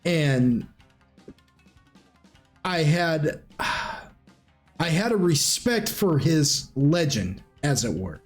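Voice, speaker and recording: A scholarly noble lord, eager over rare finds and dryly wry about grim news, as a man puts him on. The voice sits a little high and stays close to an everyday speaking voice. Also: very animated, extremely slow, pauses often, faint music behind, exaggerated voice. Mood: measured.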